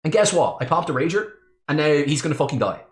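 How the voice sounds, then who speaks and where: A young woman streaming a voice-acted game playthrough, joking and swearing in animated commentary. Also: low-pitched, fast. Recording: echoey room, faint music behind.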